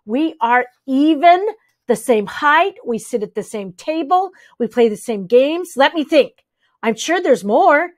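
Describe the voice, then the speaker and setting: A woman doing an excited squeaky schoolgirl. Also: dry recording, studio quality. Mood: eager girl. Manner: excited and squeaky, quick to whine. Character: eager, chatty young schoolgirl, dramatic.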